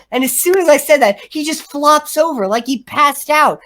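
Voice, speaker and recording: A woman's voice: sits high, moderate pace, fairly bright tone. A young woman co-hosting a podcast, telling stories in casual chat and rambling with lots of "like.". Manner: rambling storyteller, frequent "like". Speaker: podcast co-host.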